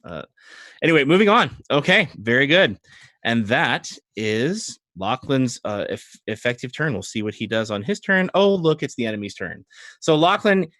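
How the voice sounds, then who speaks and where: A man running a tabletop game as game master, narrating with animated, chuckling energy and frequent hesitations. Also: mid-range voice, normal speed, no echo.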